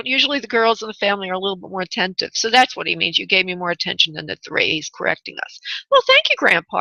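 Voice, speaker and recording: A woman's voice: fairly high pitch, sharp tone, no echo. A woman hosting a call-in radio show as a psychic medium, chatty, laughing often and calling callers honey and darling. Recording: dull lo-fi radio audio, dry.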